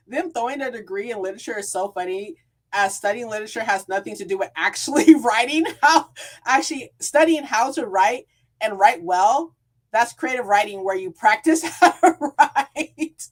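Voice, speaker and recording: A woman's voice: a little high, normal speed. A woman book vlogger ranting in a casual storytime, reading out comments and answering them with sarcasm, heavy swearing and frequent laughter. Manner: heated, sarcastic, swears a lot, laughs often; reads out comments in a flat voice.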